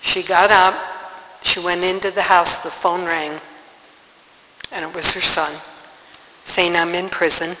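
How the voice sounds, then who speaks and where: A woman with a lowish, fairly flat voice speaks at a measured pace with long pauses, delivering a story as a sermon. The religious speaker's retelling is earnest and dramatic, recorded in a reverberant hall with faint hiss.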